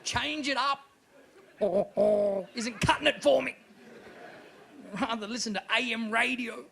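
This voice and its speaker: High gravelly guy doing standup live, sharp bright tone, bit of room noise. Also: unhurried, some chatter behind. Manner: swearing, shouting rants with laughter. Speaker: stand-up comedian. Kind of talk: stand-up comedy set. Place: live venue with audience.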